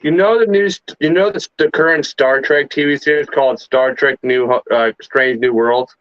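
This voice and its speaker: A man co-hosting a casual chat, eager and halting, often restarting his sentences. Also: on the high side. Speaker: co-host. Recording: dry dull lo-fi audio.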